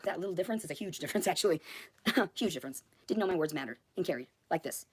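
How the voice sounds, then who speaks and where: Woman in her 30s, rapid-fire profane livestream rant, slightly low pitch. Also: expressive, a little mellow, slight background noise. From United States. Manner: agitated, profane and accusatory.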